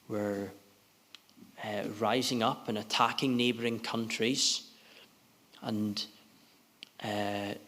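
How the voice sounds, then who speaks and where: Earnest preacher in a reverberant hall. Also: male voice, mid-range voice, fairly bright tone. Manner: earnest, halting with many restarts. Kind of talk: sermon. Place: gospel hall.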